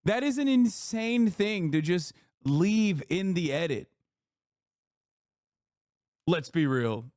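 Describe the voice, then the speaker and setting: A man's voice: high-pitched, expressive, takes it slowly, a little mellow, no echo, clean studio sound. A man giving heated, scornful reaction commentary on a video, swearing often.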